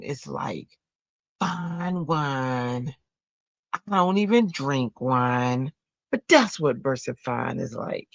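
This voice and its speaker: Speaking slowly but animatedly in an extremely low voice, a woman runs a relaxed craft livestream from her home, making cards and chatting. She responds to the chat and slips into sung snippets. There's no room sound, and the recording is muffled.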